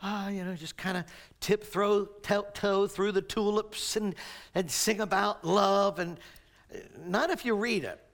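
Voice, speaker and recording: A man preaching a sermon, swinging between raised emphatic lines and quiet low asides. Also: steady tone, measured pace, vocal fry. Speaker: pastor.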